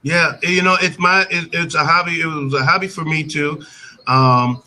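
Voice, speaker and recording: An American man hosting a casual morning live stream over a video call. His voice is bright and sits fairly high. He chats freely, laughs easily and keeps restarting his sentences. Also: fairly even intonation, moderate pace, low-quality recording. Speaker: host.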